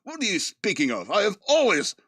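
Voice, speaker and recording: A man's voice: high-pitched, huge pitch swings, a little fast, creaky, fairly bright tone, no room sound, clean studio sound, voice pushed up, heavily acted. A man putting on a prim, old-fashioned English gent. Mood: mock-posh. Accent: put-on British. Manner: prim, mock-formal phrasing.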